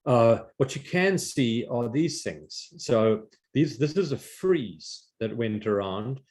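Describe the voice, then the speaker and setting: An older man giving an informal art history slide lecture, halting with many fillers and restarts. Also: mid-range voice, animated, a little mellow.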